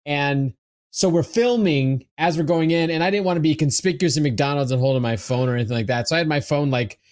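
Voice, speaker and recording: A man's voice: on the high side, fairly quick, darkish tone. A man telling a long anecdote on a podcast, full of fillers and restarts. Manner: rambling anecdote with frequent fillers. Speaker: podcast regular. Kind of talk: casual chat.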